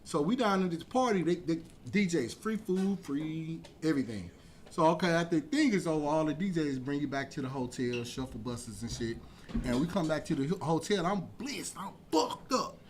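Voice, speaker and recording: Animated storytelling man, loud then hushed. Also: a little high, normal speed, noisy background. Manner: animated, swings between loud bursts and hushed asides, profane slang. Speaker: podcast guest telling a story. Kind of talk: casual storytelling.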